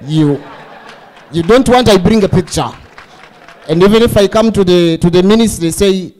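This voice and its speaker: A man's voice: high voice, normal speed, darkish tone. A man with a Tanzanian accent, playful and teasing as master of ceremonies, mixing Swahili words into his remarks. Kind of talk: joking remarks to an audience.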